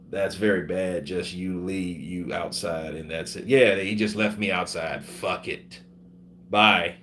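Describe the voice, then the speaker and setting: Low-voiced man telling a profane story. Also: slight background noise. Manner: profane, animated, acts out other people's voices. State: sick with covid. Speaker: vlogger telling his travel story. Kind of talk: casual storytelling.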